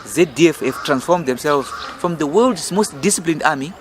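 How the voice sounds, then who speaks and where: A man's voice: fairly high pitch, lively intonation, moderate pace, noisy background. A middle-aged Zimbabwean man with a Zimbabwean accent, a political campaign leader giving a fiery, emphatic, rhetorical interview. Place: outdoor restaurant in city gardens.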